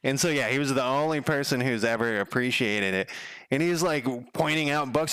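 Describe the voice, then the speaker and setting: A man's voice: mid-range voice, brisk, a bit bright, clean tone, no room sound, studio quality. A man streaming as a game developer, chatting casually at home, rambling through stories, swearing now and then and chuckling often. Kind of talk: casual chat.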